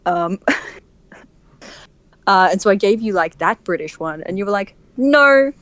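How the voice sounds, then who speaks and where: A woman with an Australian accent, a voice actor chatting casually, laughing often and filling pauses with um and like. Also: medium pitch, dry recording. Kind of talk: casual group chat.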